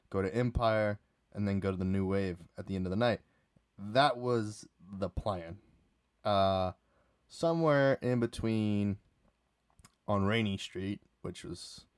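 A man's voice: deep voice, no echo, clean studio sound. A young man telling a casual, rambling story about a night out, full of restarts and fillers.

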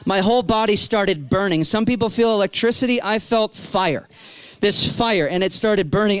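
A man in his thirties preaching a sermon, telling his story with animated energy and acting out his own past cries. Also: sits high, moderate pace, clean tone, dry recording. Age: 30s.

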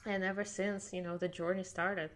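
Bright-voiced non-native English woman. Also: fairly low pitch, little pitch movement, normal speed. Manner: non-native English speaker, fluent, with many fillers like "like". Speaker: podcast guest. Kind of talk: casual conversational storytelling. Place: lives in Miami, United States.

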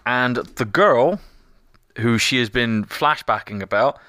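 Man co-hosting a recap, with a tense, bright edge and a plain mid voice; he narrates the plot step by step. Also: medium pitch, expressive, slow, no echo, studio quality. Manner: narrates the plot in detail, sweary asides. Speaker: podcast co-host. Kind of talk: casual chat recapping a TV episode.

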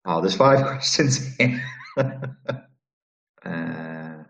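A man's voice: low voice, animated, very slow, vocal fry, fairly bright tone. A man with a Scouse accent hosting a live question-and-answer stream, blunt and profane, rambling with restarts. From Liverpool, England. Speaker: channel host answering viewer questions. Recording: roomy, dull lo-fi sound.

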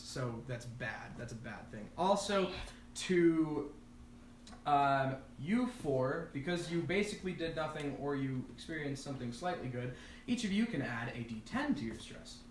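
Rambling game master in an echoey room. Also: male voice, medium pitch, lively intonation, unhurried. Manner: casual, rambling, lots of fillers and restarts. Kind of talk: narrating a tabletop game. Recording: echoey room, distant mic, noisy.

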